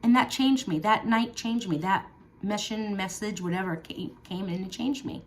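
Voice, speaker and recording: A middle-aged woman vlogger speaks earnestly and from the heart to her viewers, repeating herself for emphasis and using casual fillers. Her mid-range voice moves at a moderate pace.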